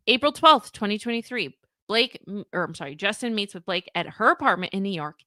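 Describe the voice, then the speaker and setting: A woman's voice: a little high, expressive, normal speed, pushed and bright, dry recording, clean studio sound. A young woman hosting a live reaction stream, reading messages aloud and reacting with laughing disbelief. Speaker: commentary livestream host.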